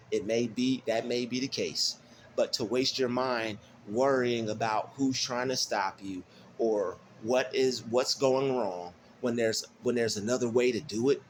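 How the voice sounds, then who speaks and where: A man's voice: medium pitch, a little hiss or hum. A man giving a casual, rambling motivational monologue, often repeating and restarting his words. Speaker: motivational vlogger.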